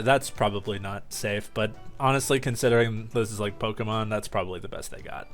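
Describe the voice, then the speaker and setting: A man's voice: fairly low pitch, steady tone, a little fast, faint music behind. A man streaming a video game, joking around and swearing freely in casual commentary.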